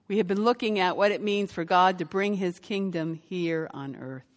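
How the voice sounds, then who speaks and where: A woman pastor giving a sermon and telling a story, growing lively as she recounts it. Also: lowish voice, normal speed, big-room sound. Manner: storytelling, lively when quoting.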